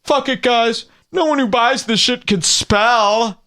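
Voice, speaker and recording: A man's voice: extremely high pitch, takes it slowly, pushed and bright, clean tone, pitched above the performer's own voice, heavily acted. A man doing a crude, mocking guy. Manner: crude, dismissive.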